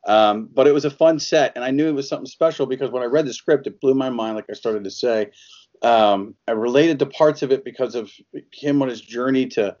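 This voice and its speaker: A man's voice: mid-range voice, a little fast, a little mellow, lo-fi sound. A man who is an actor, chatting as an interview guest, laughing often and acting out quotes as he tells stories. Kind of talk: casual interview chat.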